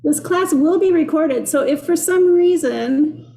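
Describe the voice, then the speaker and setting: A woman's voice: sits high, measured pace, creaky, mellow, echoey room. A woman with a Minnesota accent teaching a live online cooking class from her kitchen, chatty and upbeat as she greets viewers. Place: kitchen workspace.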